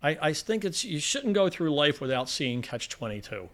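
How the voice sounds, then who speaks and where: A man's voice: a little high, very animated, moderate pace, a bit bright. A man co-hosting a casual movie review chat, retelling scenes animatedly and acting out lines in voices. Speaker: podcast co-host.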